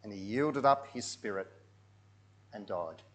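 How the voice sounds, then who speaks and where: A man telling a story in a sermon over pictures, dropping into hushed tones and then rising loud and dramatic. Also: mid-range voice, animated, moderate pace.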